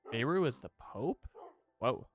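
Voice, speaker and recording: A man's voice: medium pitch, very animated, measured pace, soft background music. A man streaming a game, chatting casually to his viewers and rambling as he plays. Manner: rambling, chatty, talks to chat.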